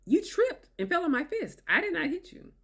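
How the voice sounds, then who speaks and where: A woman's voice: sits high, big pitch swings, normal speed, pitched above the performer's own voice. A woman voicing a manipulative man who is sarcastic, whiny and dismissive, in a raised mocking tone.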